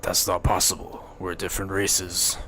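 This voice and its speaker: A man voicing a stubborn lizardfolk loner with a gravelly, flat delivery. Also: sits low, normal speed, soft background music. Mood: defiant.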